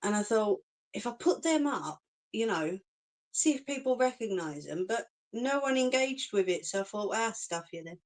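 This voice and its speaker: A woman's voice: on the high side, animated, normal speed. A middle-aged woman chatting casually with live viewers, reassuring and laughing often. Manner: chatty and reassuring, laughs often, says "do you know what I mean". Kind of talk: casual live-stream chat.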